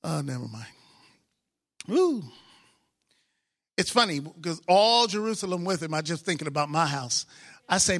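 A married man preaching a sermon, excitable, swinging from soft asides to loud exclamations. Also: on the high side, moderate pace, pauses often. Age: adult, married with children.

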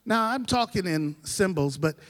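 A middle-aged male pastor with a high voice delivers a sermon in a church sanctuary. His preaching cadence climbs and drops, swinging from loud calls to quiet asides, and the sound rings with a long hall reverb. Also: animated, moderate pace.

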